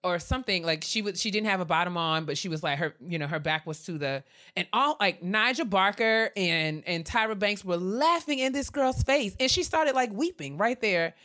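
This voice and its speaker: A woman co-hosts a podcast, spinning stories with playful asides. Her voice swings widely in pitch as she talks. She keeps a casual, chatty tone throughout. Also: moderate pace, few pauses. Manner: lively storyteller, playful asides. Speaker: podcast co-host. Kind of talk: casual chat, storytelling.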